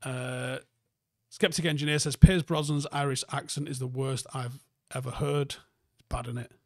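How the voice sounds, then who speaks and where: A man's voice: mid-range voice, fairly even intonation, normal speed, a little mellow, dry recording, studio quality. A man hosting a casual live stream, reading out viewer comments and riffing on them in a rambling, sweary way with lots of ums and restarts. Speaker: army veteran.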